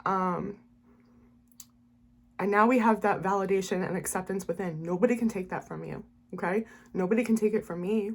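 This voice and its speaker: A woman's voice: medium pitch, husky. A woman who coaches and reads tarot, talking to camera in a casual, earnest way, with many "um"s and short laughs, checking in with "okay?" after almost every point. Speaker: spiritual life coach and tarot reader.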